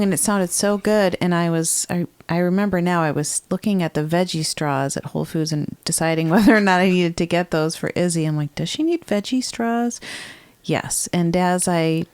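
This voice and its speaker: A woman's voice: on the low side, darkish tone, clear, resonant tone, no echo. A woman co-hosting a podcast in casual chat, chatty and teasing, laughing easily. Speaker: podcast co-host.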